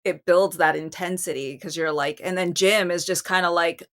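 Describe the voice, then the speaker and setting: Woman, podcast guest, low voice, chatty, lots of fillers. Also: steady tone, moderate pace, fairly bright tone. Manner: talkative, many fillers. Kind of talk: casual film review chat.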